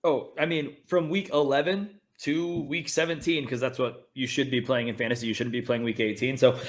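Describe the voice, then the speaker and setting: A man's voice: medium pitch, fairly even intonation, moderate pace. Laid-back man co-hosting a sports chat. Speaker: podcast co-host. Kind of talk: casual fantasy football chat.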